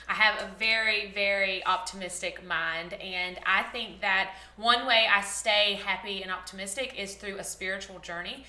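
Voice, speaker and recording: A woman's voice: mid-range voice, sharp tone, roomy sound. A woman, chatting casually in a rambling, bubbly vlog style. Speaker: vlogger, former teacher.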